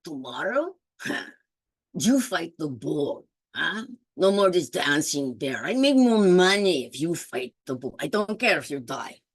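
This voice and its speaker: Woman doing a mean bear-owner guy, gruff and loud. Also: deep voice, very animated, a little slow, heavily acted. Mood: scolding. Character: cruel male bear master.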